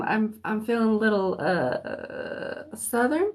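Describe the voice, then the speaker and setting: A woman hosting a livestream of free readings in a relaxed, unhurried way, often pausing on "um" as she chats with viewers. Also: fairly high pitch. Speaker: host and psychic reader. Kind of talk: casual livestream chat.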